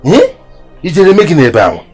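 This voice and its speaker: A man's voice: fairly high pitch, wildly swooping pitch, moderate pace, music in the background. An actor with a Nigerian accent playing a worried father who has searched everywhere for his son. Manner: anxious, scolding.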